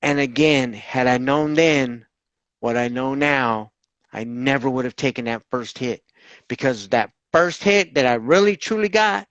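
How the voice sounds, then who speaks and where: Speaking with a medium-pitched voice at an unhurried pace, a man from Southern California shares the story of his recovery during an interview. He's candid and lively, mimics others' voices, and swears offhandedly; there's no room sound, and the high frequencies are cut off.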